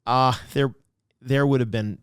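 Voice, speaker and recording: A man who is a pastor, speaking as a guest in a casual interview and telling stories in an animated way with frequent restarts. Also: mid-range voice, unhurried, smooth, no room sound, studio quality.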